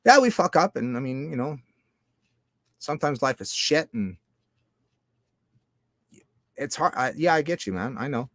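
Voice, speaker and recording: A man talking in a loose, profane, rambling monologue, jumping between loud outbursts and low mutters. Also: big pitch swings, measured pace, long pauses, no room sound. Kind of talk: casual monologue.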